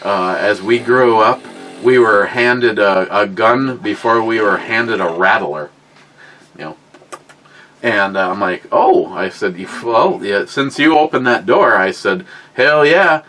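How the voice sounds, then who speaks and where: A man's voice: on the low side, a little slow, a bit bright, low-quality recording. A middle-aged man telling crude, rambling, self-mocking stories on a casual podcast. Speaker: podcast co-host. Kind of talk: casual storytelling chat.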